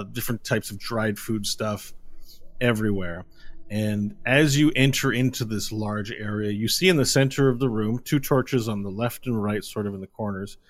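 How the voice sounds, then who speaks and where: Male game master, low voice, brisk scene narration. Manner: descriptive, brisk, with fillers.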